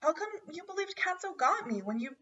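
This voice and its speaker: A woman's voice: extremely high pitch, big pitch swings, brisk, sharp tone, pitched above the performer's own voice, heavily acted. A woman reading aloud and voicing a bold, impatient young male mouse who talks in an indignant, businesslike way. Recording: dull, distant home recording.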